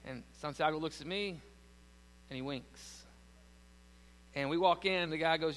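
A man's voice: fairly high pitch, unhurried, a bit bright. Southern man preaching in a reverberant hall. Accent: American Southern. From American South. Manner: preaching with rising emphasis, then storytelling with restarts. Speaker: pastor. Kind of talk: sermon.

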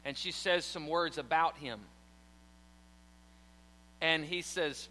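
A man's voice: fairly high pitch, moderate pace, bright, forceful tone. A man preaching a sermon in church, telling a story animatedly and acting out the quotes. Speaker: pastor. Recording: long hall reverb.

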